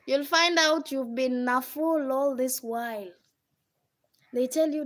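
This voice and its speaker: High-voiced woman scolding on a live stream. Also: normal speed. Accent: Kenyan. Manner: scolding, rhetorical, mimics others' voices. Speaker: live streamer giving relationship advice. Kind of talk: casual live-stream monologue.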